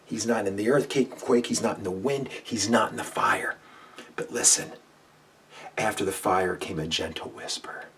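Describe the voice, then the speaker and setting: A man's voice: lowish voice, moderate pace, fairly bright tone. A man giving a short devotional sermon as a pastor, earnest, asking listeners to repeat lines aloud and dropping to a whisper for God's words. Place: home room with a window. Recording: slightly distant mic, faint background noise.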